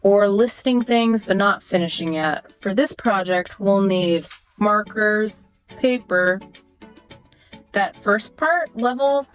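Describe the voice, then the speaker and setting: A woman's voice: mid-range voice, slow, soft background music. A woman co-hosting an educational podcast, explaining and demonstrating example sentences. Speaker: podcast co-host explaining intonation. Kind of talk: scripted educational podcast chat.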